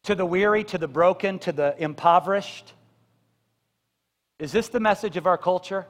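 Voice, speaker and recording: A male pastor preaching a passionate sermon, building to loud emphatic peaks. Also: sits high, moderate pace. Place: church sanctuary. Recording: reverberant church hall.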